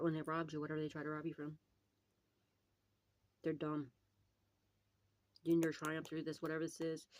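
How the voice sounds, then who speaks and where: A woman's voice: sits low, a little mellow, rough recording. A woman doing a casual psychic tarot reading, swearing freely, rambling and laughing often.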